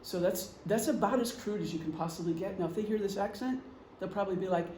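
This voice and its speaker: In an echoey meeting room with a faint hum, a middle-aged man speaks fast in a high-pitched voice with a darkish tone. He presents informally to a group, using examples and saying um often.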